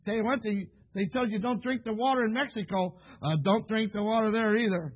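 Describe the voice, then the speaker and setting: A man with a high, husky voice preaches a folksy sermon in a church. He repeats his phrases and swells to loud, fervent peaks. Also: brisk, hardly any pauses, muffled recording.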